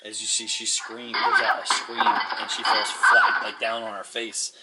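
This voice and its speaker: A man's voice: lowish voice, wildly swooping pitch, measured pace, very noisy. A man narrating a tabletop game as game master, casual with many fillers and frequent chuckles.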